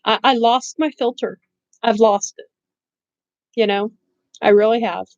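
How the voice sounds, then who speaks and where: A woman's voice: a little high, fairly even intonation, measured pace, a little mellow, no room sound, lo-fi sound. A middle-aged woman chatting casually on a live stream, blunt and rambling, laughing often and saying she has no filter. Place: bedroom at home.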